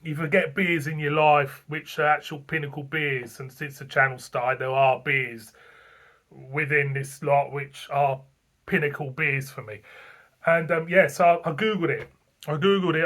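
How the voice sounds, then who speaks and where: A man's voice: on the high side, fairly even intonation, moderate pace, fairly bright tone. A man, hosting a beer review channel, tells a rambling, chatty story full of fillers and repeated phrases. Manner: rambling, repeats himself, frequent fillers and chuckles. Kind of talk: casual anniversary vlog storytelling.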